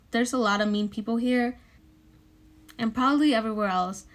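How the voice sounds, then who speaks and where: Young woman doing a chatty makeup tutorial, kinda high voice, says like a lot, bubbly. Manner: chatty, lots of "like" fillers, bubbly. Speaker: beauty vlogger. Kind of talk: casual makeup tutorial chat.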